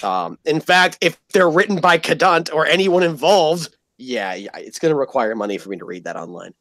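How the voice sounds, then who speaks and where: A man hosting a loose online show, ribbing his friends with crude, playful jokes. His voice sits a little high. The sound is dry and close, with no room around it. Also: very animated, normal speed, fairly bright tone, no echo. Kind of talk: casual crude stream banter.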